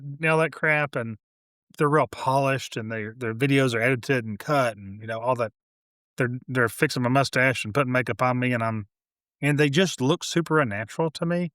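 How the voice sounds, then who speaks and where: A man who builds homes, a guest in a casual interview, telling animated stories full of quoted dialogue. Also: medium pitch, dry recording, studio quality. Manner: animated storyteller, quoting others.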